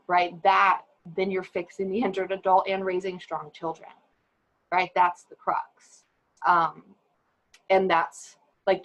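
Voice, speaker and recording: Candid, lively woman on a video call. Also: medium pitch, poor audio. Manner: candid, animated, with laughs and acted quotes. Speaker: advocate for abuse survivors. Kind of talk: webinar panel talk.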